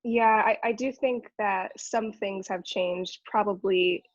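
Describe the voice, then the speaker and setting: A young woman from California with a Californian accent, an actress chatting casually as an interview guest, upbeat and quick to laugh. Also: medium pitch, steady tone, no room sound, dull audio. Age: young adult.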